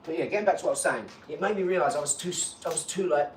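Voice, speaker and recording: A man talking in a casual live chat, rambling and boastful, breaking into animated rants. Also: fairly high pitch, rapid-fire. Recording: echoey room, far from mic, faint hum.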